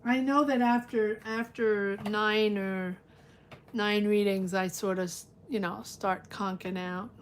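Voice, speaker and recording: A woman's voice: medium pitch, steady tone, slow, slight background noise. A woman giving a live-stream tarot reading, chatty and reassuring, thinking aloud with lots of fillers. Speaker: tarot reader.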